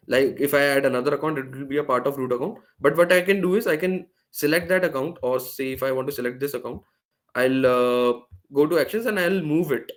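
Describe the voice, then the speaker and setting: A man presenting a live online workshop, explaining step by step with frequent fillers and restarts over a video call. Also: on the high side. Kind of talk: live screen-share tech demo.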